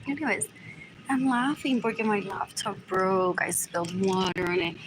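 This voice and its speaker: A woman's voice: medium pitch, moderate pace, background noise. A woman livestreaming from her apartment in a rambling monologue. She repeats the same short question again and again and switches between English and Spanish mid-sentence.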